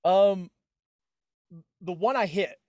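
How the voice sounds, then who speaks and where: Brief: male player, high voice, hesitant restarts, dry close mic. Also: slow, darkish tone, dry recording. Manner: hesitant, many restarts and laughs. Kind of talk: casual tabletop play.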